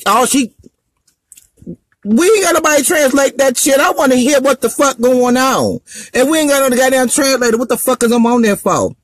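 A man's voice: very high-pitched, a bit bright, dry recording, clean studio sound. A male comedian ranting on a live stream, brash and profane, slipping into a sing-song, preaching delivery.

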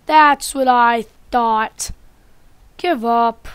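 A woman giving playful Minecraft gameplay commentary, trash-talking loudly one moment and muttering quietly the next. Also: fairly high pitch, extremely slow, clean tone, dry recording. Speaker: gaming YouTuber.

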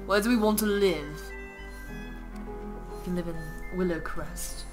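A woman playing Ciel, a bossy young boy earl, in cosplay role-play over a video game. She teases dryly and breaks into laughing shouts. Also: lowish voice, unhurried, close to an everyday voice. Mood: haughty. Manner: bossy, dry teasing, bursts into laughing shouts. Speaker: gaming channel host. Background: game music.

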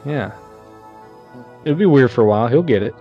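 A man's voice: medium pitch, lively intonation, moderate pace, muffled recording, soft background music. A man co-hosting a casual movie podcast, crude and joking, acting out scenes in silly voices. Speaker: podcast co-host. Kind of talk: casual movie chat over beer.

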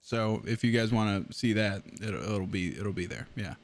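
A man's voice: on the low side, steady tone, normal speed. A man streaming a video game, chatting casually, swearing freely and laughing often. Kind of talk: casual live-stream chat.

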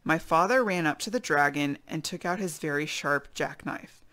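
A woman reading a chapter book aloud to children, expressive, with chatty asides to her listeners. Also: deep voice, normal speed. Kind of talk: read-aloud storytelling for kids.

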